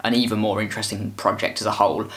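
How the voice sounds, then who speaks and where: A man's voice: on the low side, flat delivery, fast, a bit bright. A man giving a casual album review, rambling with frequent restarts. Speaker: music reviewer.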